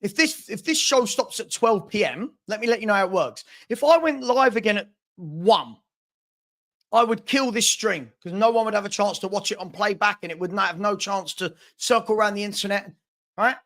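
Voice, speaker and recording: A man's voice: sits high, moderate pace, a bit bright. A man hosting a football channel, venting on a live stream with stammering restarts and repeated phrases. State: frustrated.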